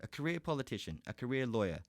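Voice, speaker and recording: A man's voice: mid-range voice, very animated, fast talker, no room sound. An Australian man hosting a podcast, giving a heated, profane solo rant. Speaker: podcast host.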